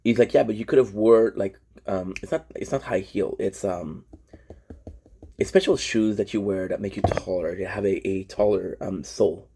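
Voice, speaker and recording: Young french guy ranting on his vlog, husky dark voice, swears a lot, keeps restarting. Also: lowish voice, moderate pace. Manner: frank, profane, rambling with frequent restarts. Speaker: vlogger. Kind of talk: casual personal venting monologue.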